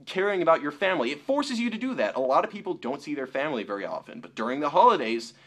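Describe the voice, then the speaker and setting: A young man talking straight to camera in an opinion vlog, mocking the people he argues with in a lower voice. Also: fast. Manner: animated, mocking quotes in a lower voice. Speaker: YouTuber.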